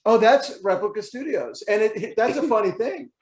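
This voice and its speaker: A man's voice: high-pitched, lively intonation, normal speed, echoey room, noisy background. A man chatting as a guest on a video call, reflective and rambling, laughing easily. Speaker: guest, creator of an animated show. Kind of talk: casual video-call interview.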